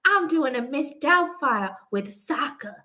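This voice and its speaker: A woman mimicking a cheery man from a streaming ad, with a drawn-out, sing-song delivery. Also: high voice, animated, bright, forceful tone, voice pushed up, heavily acted. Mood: mocking.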